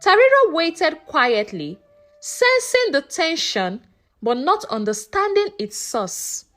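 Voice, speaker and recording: A woman narrating a folktale in a slow, expressive storytelling manner. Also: sits high.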